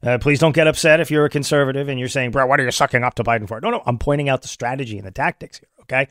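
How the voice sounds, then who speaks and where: A man giving opinionated political commentary in an animated way, with many restarts. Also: mid-range voice, rapid-fire, dry recording, studio quality.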